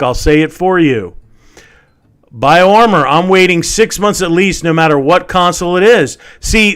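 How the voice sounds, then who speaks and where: A man in a heated solo rant, swearing freely and hammering the same points again and again. His voice sits a little high for a man, jumping up into loud outbursts and then sinking into low mutters. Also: clear, resonant tone. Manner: heated, swearing, repeats himself. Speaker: channel host. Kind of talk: angry rant to camera.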